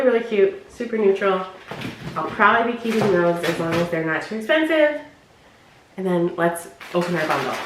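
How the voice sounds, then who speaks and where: A woman chatting casually as she unboxes and reviews clothes, often dropping low and quiet on her asides. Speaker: vlogger. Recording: echoey room with faint noise.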